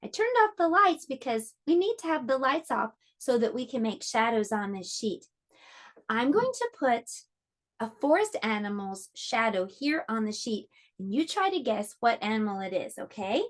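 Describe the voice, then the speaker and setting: A woman teaching an online preschool lesson, speaking slowly and encouragingly to small children. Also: a little high, sing-song. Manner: slow, encouraging, clearly explaining to small children.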